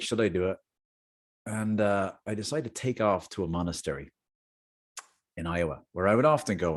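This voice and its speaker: A middle-aged man hosting a casual talk, telling a personal story with jokey asides. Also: low-pitched. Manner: animated, jokey asides, chatty. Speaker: host.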